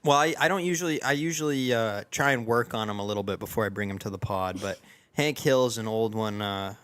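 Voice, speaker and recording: A man's voice: on the low side, brisk, fairly bright tone, smooth, no echo. A young man hosting a podcast in casual chat, talking in a rambling, self-deprecating way with lots of fillers and restarts. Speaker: podcast host.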